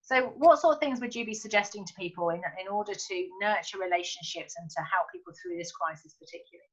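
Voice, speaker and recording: A woman's voice: mid-range voice, fast talker, breathy edge, dull audio. A middle-aged woman hosting an interview, asking questions and thinking aloud as she adds her own points. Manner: thinking aloud, with fillers and restarts. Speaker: interviewer and podcast host.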